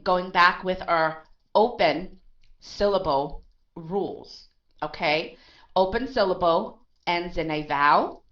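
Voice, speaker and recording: In a recorded online pronunciation lesson, a woman with a lowish, slightly bright voice walks through the material step by step. She tends to close phrases with "okay" and poses questions she then answers herself. The lo-fi recording sounds dull.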